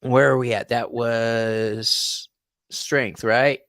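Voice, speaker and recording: A man hosting a tarot reading interview on a live stream, effusive and animated, laughing often. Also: medium pitch, extremely slow, no echo. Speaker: tarot reader and host.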